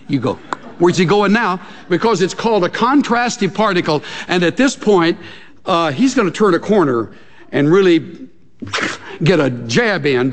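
An older man preaching a sermon, telling stories with laughter and acting out little scenes as he goes. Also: high-pitched. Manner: animated storytelling with laughter and acted-out asides. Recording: long reverb from a large hall.

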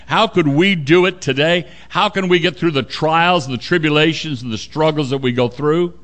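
A man preaching a sermon, earnest and emphatic, dropping low and quiet to stress points. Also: normal speed.

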